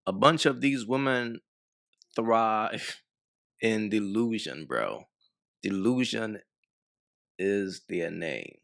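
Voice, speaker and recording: A man delivers blunt, mocking commentary on a clip he is reacting to, speaking to his viewers as fellas. His voice is gravelly and unhurried. His pitch swings widely as he makes his points. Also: lively intonation, a bit bright. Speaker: reaction channel host.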